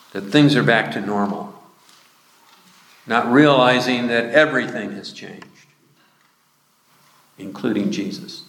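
A man preaching a sermon, slowly retelling a scripture passage. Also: mid-range voice, sharp tone. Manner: slow, measured retelling of scripture with quoted speech. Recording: echoey hall with long reverb.

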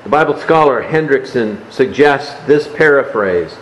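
A man preaching a sermon, explaining a Bible passage in a measured way and dropping his voice softly on key words. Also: medium pitch, animated, roomy sound, lo-fi sound, slight background noise.

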